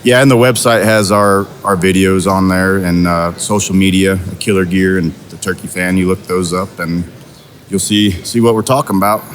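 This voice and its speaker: A man chatting as a guest on an interview, relaxed and rambling with fillers and restarts. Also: low voice, normal speed, slight background noise. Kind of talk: casual interview chat.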